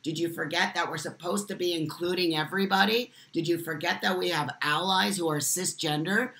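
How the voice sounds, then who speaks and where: A man's voice: high-pitched, steady tone, fairly quick, sharp tone. Man, live-stream host, impassioned, emphatic, repeats phrases, phone mic. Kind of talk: live-stream chat, answering viewer comments.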